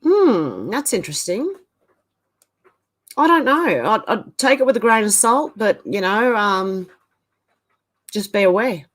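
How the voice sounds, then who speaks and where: A woman's voice: medium pitch, big pitch swings, measured pace, pauses often, a bit bright. A woman hosting a casual livestream, reading out viewer comments and thinking aloud with hesitant asides. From Australia.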